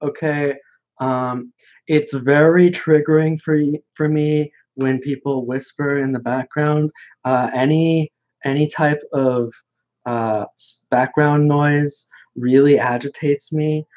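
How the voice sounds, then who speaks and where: A man voicing a fussy, easily agitated male convention speaker who pleads for quiet in a prissy, drawn-out way, on a dull lo-fi recording. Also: a little high, fairly even intonation, pitched above the performer's own voice. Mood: fussy pleading. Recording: dull lo-fi sound.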